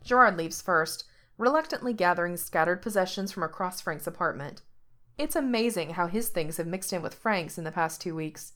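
A woman narrating a piece of fan fiction aloud, steady and expressive. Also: on the low side, moderate pace. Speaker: reader.

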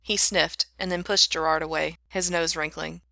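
A woman reading a fan fiction story aloud in an even, unhurried way. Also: deep voice, vocal fry, no echo.

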